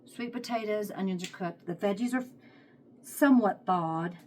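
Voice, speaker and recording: A woman's voice: mid-range voice, moderate pace, a little mellow, slight background noise. A woman with a Texas accent chatting casually while she cooks at home, thinking aloud as she works, recorded on a phone set on a tripod. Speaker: home cook vlogger. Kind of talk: casual cooking vlog chat. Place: home kitchen.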